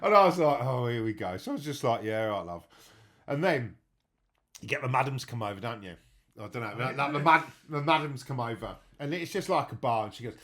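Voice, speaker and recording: A man's voice: mid-range voice, fairly quick. A man hosting a podcast, telling crude stories in casual banter. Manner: crude, animated storytelling. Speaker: podcast host.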